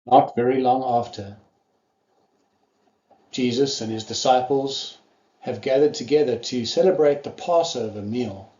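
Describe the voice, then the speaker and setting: A man preaches a sermon, retelling the story earnestly and giving the quoted lines a little voice of their own. His tone is mellow and warm. The recording sounds slightly dull and carries the echo of a roomy church hall. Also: mid-range voice, a little slow, long pauses.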